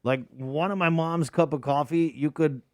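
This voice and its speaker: A man co-hosting morning radio, his voice smooth and resonant and recorded dry and close. He jokes easily and tells stories in relaxed chat. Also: fairly high pitch, normal speed, no room sound. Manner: joking, storytelling. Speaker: morning show co-host.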